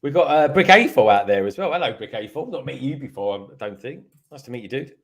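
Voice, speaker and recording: A man's voice: medium pitch, lively intonation, quick pace, a little hiss or hum. A man, a guest on a live stream, bantering and joking in casual chat. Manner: jokey, bantering. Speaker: guest builder.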